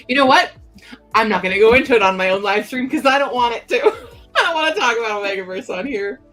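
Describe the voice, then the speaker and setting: Chatty young woman streaming from home. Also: mid-range voice. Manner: chatty, giggly, answers chat aloud. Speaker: livestream host. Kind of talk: casual livestream chat.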